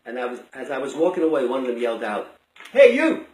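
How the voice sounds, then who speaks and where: An older man tells a personal story out loud, rambling and restarting in a conversational way. His voice sits at an ordinary pitch for a man. The recording has a clear room echo. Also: very fast. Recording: roomy echo.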